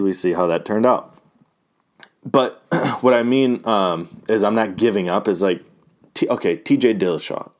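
A man's voice: on the low side, a little mellow. A man giving a loose, rambling and profane recap of fight results, full of fillers and restarts. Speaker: fight fan recapping a card. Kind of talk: casual talk.

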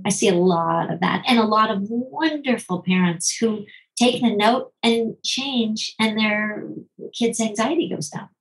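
This rough recording captures a middle-aged doctor and parenting author being interviewed. She talks in quick bursts, slowing down for emphasis, and often acts out what others said with big jumps in pitch.

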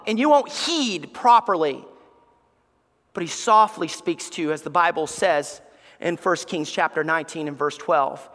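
High, bright-voiced preacher in a hall. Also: male voice, a little slow. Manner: swings between loud emphatic preaching and hushed near-whispers. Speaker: executive pastor. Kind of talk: sermon. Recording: long reverb of a large hall.

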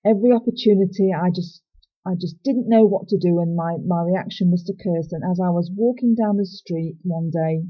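A woman's voice: on the low side, breathy edge, muffled recording. A woman sharing a personal faith testimony in an earnest, reflective and candid way.

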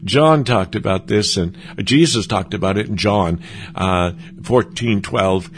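A man giving an earnest, conversational sermon as a preacher, often stumbling and restarting his sentences. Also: on the low side. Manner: earnest, halting with frequent restarts.

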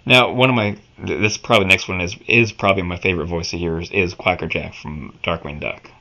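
A man hosting an interview, eager and laughing often, with halting phrasing. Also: sits low, steady tone, sharp tone. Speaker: interview host. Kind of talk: fan interview. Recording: muffled lo-fi audio.

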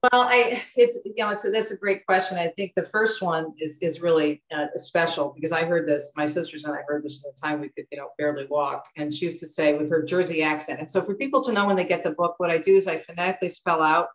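A middle-aged woman from the United States with a lowish voice talks as an interview guest. She tells stories in a lively, chatty way. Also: fast talker, few pauses, poor audio. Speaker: author and guest. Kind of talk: conversational interview.

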